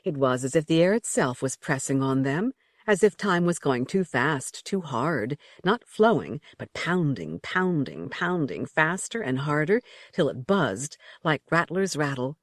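A woman's voice: sits low, sing-song, measured pace, dry recording, clean studio sound. A woman narrating an audiobook story with vivid, rhythmic storytelling. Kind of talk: expressive scripted narration.

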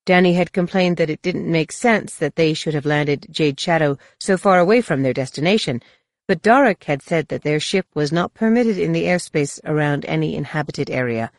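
Audiobook narrator, woman, low voice, steady even read, dry close sound. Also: normal speed, no echo. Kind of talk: scripted narration.

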